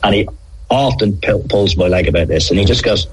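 A middle-aged man, a former referee telling animated anecdotes in an interview. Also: lowish voice, a little fast, a little hiss or hum, rough recording. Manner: animated anecdotes, acts out quoted players. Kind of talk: conversational interview storytelling.

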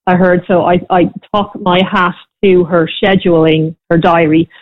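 A woman's voice: on the low side, fairly even intonation, measured pace. A woman journalist joining a radio show by phone, talking in a conversational, slightly hesitant way. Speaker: journalist guest. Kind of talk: phone-in interview. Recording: phone line.

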